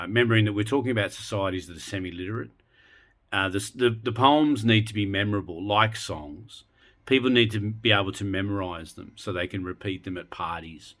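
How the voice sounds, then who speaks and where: A man with a deep, low voice talks through a poetry lesson in a loose, unscripted way. He stops and restarts often and fills the pauses with ums, like a teacher thinking aloud. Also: fairly bright tone. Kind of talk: casual spoken lesson.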